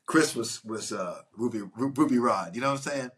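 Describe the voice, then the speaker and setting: A man, an actor, telling stories from a film shoot in a casual, animated way, often restarting his sentences. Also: medium pitch, a little fast. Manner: animated, rambling, frequent restarts. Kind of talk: casual anecdotal storytelling.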